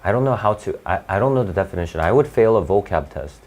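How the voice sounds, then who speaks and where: Low-voiced man tutoring with halting restarts. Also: expressive, a little mellow. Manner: halting and conversational, with many restarts and fillers. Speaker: SAT tutor. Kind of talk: live classroom lesson.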